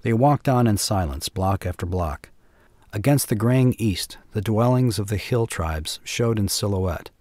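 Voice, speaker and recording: A man narrating a classic short story in a measured, even way. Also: on the low side, dry recording.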